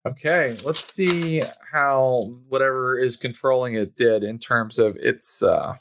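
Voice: medium pitch, unhurried, fairly bright tone, dry recording. A game master narrating a tabletop game in a loose, rambling way, full of ums and likes. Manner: rambling, many ums and likes, laughs often.

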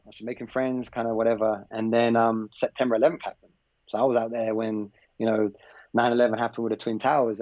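An Englishman with a mid-range, darkish voice appears as a guest on a podcast, where he works as a basketball coach. He tells a personal story loosely and conversationally in an interview setting. The audio is dry, slightly dull, and lo-fi.

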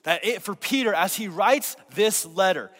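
A man's voice: high voice, animated, moderate pace, fairly bright tone. A male pastor preaching a sermon while getting over a cold, drawing the congregation into call-and-response. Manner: call-and-response, prompting the congregation to repeat words. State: recovering from a cold. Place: church sanctuary. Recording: long hall reverb.

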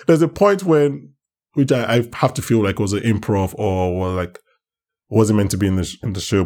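A man's voice: on the low side, darkish tone. A man co-hosting a casual podcast chat, talking animatedly and acting out his own reactions. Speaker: podcast co-host.

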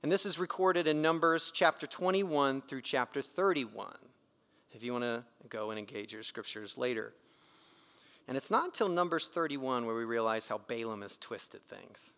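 A man's voice: medium pitch, normal speed, pushed and bright. A man preaching a sermon in an emphatic, conversational way, his volume rising and dropping sharply. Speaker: pastor. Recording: reverberant hall.

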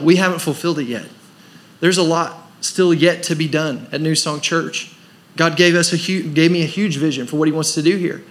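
A man's voice: fairly high pitch, fairly bright tone. A man preaching a sermon as pastor of a church, pressing his points with rhetorical questions and rising emphasis. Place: church service.

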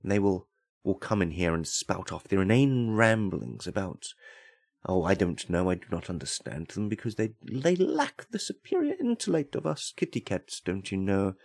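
A man's voice: deep voice, sing-song, moderate pace, creaky, darkish tone, dry recording, studio quality, full character voice. A man voicing a pompous, self-important male house cat in a comedic monologue, with grand, haughty, formal speech.

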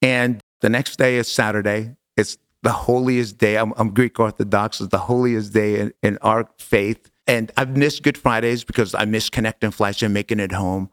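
Middle-aged man, lowish voice, dry sound. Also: moderate pace, hardly any pauses, dry recording. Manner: animated, acts out quoted dialogue, casual slang. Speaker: guest. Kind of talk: personal storytelling in an interview.

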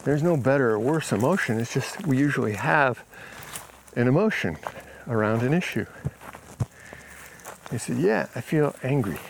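A man's voice: mid-range voice, moderate pace, gravelly, long pauses, a little hiss or hum. A man speaks in an easygoing, conversational way, retelling a talk he had and quoting both sides of it. He is outdoors on a country property, and faint outdoor sounds sit behind his voice. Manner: relaxed, retells conversations with quoted dialogue. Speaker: healing coach. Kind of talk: casual storytelling vlog.

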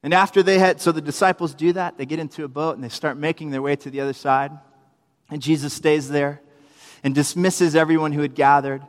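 A young man preaching a sermon in a church, telling the story with animated delivery, acted-out quotes and humorous asides, heard in a reverberant hall. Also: fairly high pitch, a little fast. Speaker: preacher, youth minister.

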